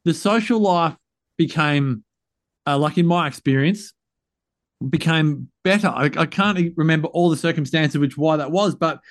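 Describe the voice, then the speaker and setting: A man's voice: a little high, normal speed. A man hosting a podcast in a chatty, upbeat, loose way. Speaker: podcast host. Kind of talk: casual podcast chat.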